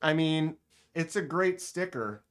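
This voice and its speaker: A man runs a casual livestream from a table indoors, chatting happily with viewers and reading their messages aloud. His voice is smooth and clean. He takes his time, in an unhurried, easy flow. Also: on the high side, expressive. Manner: chatty, enthusiastic, reads chat aloud. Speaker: knife channel host.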